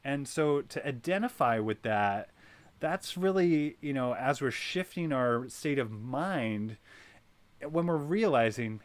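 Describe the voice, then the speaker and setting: A man hosting a wellness circle, talking in an animated coaching way that is full of "right?" and "you know". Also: medium pitch, slow, dry recording. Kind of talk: guided wellness talk.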